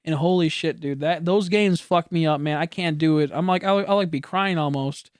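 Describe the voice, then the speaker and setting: Young man, casual streamer chat, rambling, self-correcting, slightly raised pitch, dry close sound. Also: moderate pace, clean tone, no room sound. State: coughing now and then.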